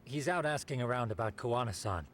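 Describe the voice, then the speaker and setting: A man's voice: mid-range voice, expressive, a little fast, natural voice. Plain level-voiced detective in a game, played by a man, faint noise behind. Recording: game audio heard faintly.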